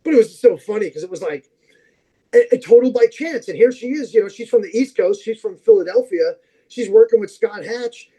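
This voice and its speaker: High-voiced man telling rambling stories. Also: brisk, breathy edge, rough recording. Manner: rambling, animated anecdotes with many fillers. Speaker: podcast guest. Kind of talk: casual storytelling chat.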